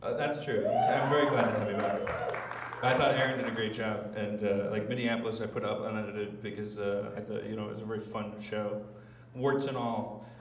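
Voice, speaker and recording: A man's voice: lowish voice, steady tone, fairly quick, far from the mic, background noise. A man hosting a live comedy podcast on stage, rambling and stammering, repeating words and laughing as he talks. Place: live theater stage before an audience. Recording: echoey room, miked from afar, loud crowd. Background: loud audience.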